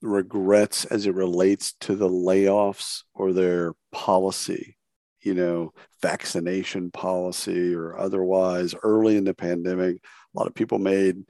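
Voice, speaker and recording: A man hosts a podcast interview in a relaxed, conversational way. His voice sits low with a gravelly fry, and he rambles and restarts phrases often. The sound is dry and close. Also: measured pace, no room sound. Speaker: podcast host. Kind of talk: casual interview chat.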